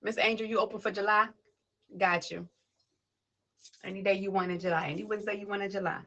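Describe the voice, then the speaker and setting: A woman's voice: medium pitch, fairly even intonation, fairly quick, bright, forceful tone, lo-fi sound. A woman hosting a poetry livestream who reads a spoken word piece and then chats casually, greeting viewers and people passing by name. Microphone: tablet device.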